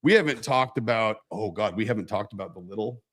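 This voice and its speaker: A man co-hosting a casual livestream, telling a rambling story with animated voices. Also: lowish voice, quick pace, husky. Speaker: co-host.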